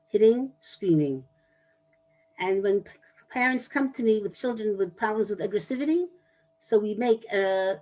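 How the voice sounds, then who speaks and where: A woman giving a talk on anger management to an audience, explaining in a measured way with pauses and restarts. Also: medium pitch, a little mellow, poor audio.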